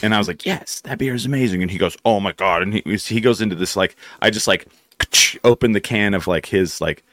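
A middle-aged man hosting a casual talk show, telling animated anecdotes and swearing freely. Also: on the low side, brisk, no echo, studio quality. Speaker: podcast host. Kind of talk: casual chat, storytelling.

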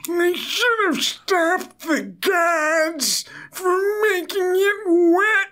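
A man voicing a sarcastic old man who whines and sobs in a drawn-out way. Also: very high-pitched, expressive, pitched above the performer's own voice, heavily acted. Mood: mock-weepy. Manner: whiny, sobbing, drawn-out delivery.

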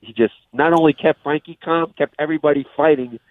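A man, a guest coach, telling relaxed stories in a casual chat. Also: a little high, a little fast, narrow, tinny audio. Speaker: podcast guest and fight coach.

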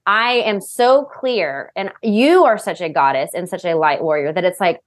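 A woman's voice: fairly low pitch, moderate pace, few pauses. A woman hosting a casual chat, gushing with praise for her guest and tearful. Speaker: podcast host.

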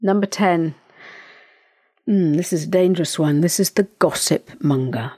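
A woman hosting a podcast, talking casually and giving advice, with many fillers and restarts and sudden lively jumps in pitch. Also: moderate pace, breathy edge. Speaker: podcast host.

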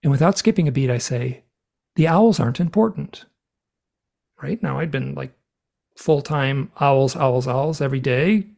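A man, a guest author in an interview, tells a personal story with animated energy, acting out the dialogue as he goes. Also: mid-range voice, normal speed, gravelly. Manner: animated, acts out dialogue while retelling events.

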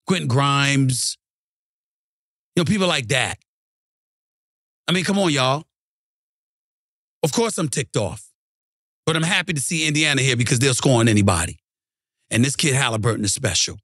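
A middle-aged man hosting a sports commentary show, ranting heatedly and swinging from low grumbling to high shouting. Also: no room sound, clean studio sound. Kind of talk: animated sports rant.

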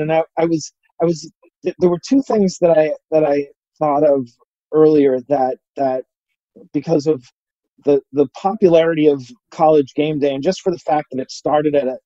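A middle-aged man hosting a relaxed conversation, stumbling through his sentences with many restarts. His voice is very mellow and dark yet sits a little high. The recording is dry and slightly dull. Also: no echo. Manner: halting, many restarts and repetitions. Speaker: podcast host. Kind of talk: casual interview chat.

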